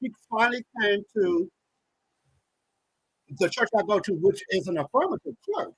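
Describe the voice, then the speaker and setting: A man in his thirties, a podcast guest, telling a personal story in an animated, emphatic way. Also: sits high, normal speed, a little hiss or hum, rough recording. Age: 30s.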